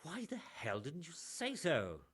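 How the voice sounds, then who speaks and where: A testy medieval scribe. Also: male voice, fairly high pitch, huge pitch swings, a little slow, a bit bright, breathy edge, full character voice. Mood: irritated. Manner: brusque, impatient, sardonic. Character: irritable sharp-tongued medieval male scribe. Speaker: town scribe in a medieval game. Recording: game audio heard under a stream.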